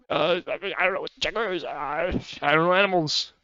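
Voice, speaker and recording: A man's voice: a little high, fast talker, few pauses, pushed and bright, no echo. A man streaming, chatting casually and rambling with frequent swearing and laughter. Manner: rambling and profane, laughs often. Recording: slightly muffled dry mic.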